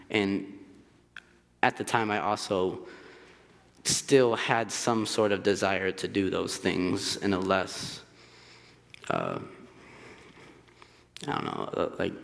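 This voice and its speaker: A young man in his twenties giving a hesitant personal testimony at church, often pausing with fillers. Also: sits low, creaky, a bit bright. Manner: hesitant, searching for words with many fillers. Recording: reverberant church hall.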